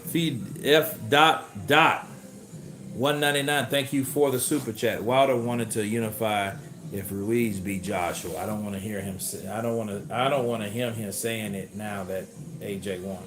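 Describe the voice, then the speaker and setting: A man hosting a livestream of boxing commentary, talking in an animated, profane and excitable way. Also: on the low side, moderate pace. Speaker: host. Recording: roomy echo.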